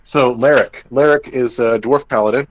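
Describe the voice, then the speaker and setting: A man's voice: mid-range voice, steady tone, normal speed, a little hiss or hum, rough recording. A young man, podcast co-host and game master, casually recapping a tabletop game and briefly acting out characters' lines.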